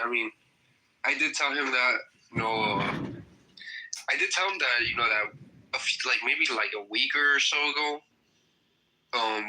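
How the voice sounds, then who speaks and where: A man in a casual live chat, rambling and halting with many fillers. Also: mid-range voice, sharp tone, rough recording.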